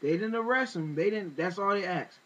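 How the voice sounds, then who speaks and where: A man's voice: sits high, moderate pace, fairly bright tone. Indignant man rambling on a lo-fi recording. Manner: rambling retelling with many fillers and restarts, indignant. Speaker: vlogger. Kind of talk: casual spoken commentary.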